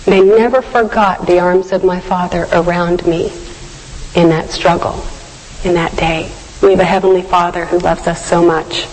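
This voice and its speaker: A woman's voice: on the low side, fairly even intonation, normal speed, darkish tone, a little hiss or hum. A woman giving a devotional sermon, telling a personal story in an earnest, reflective way. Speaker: devotional speaker. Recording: long hall reverb.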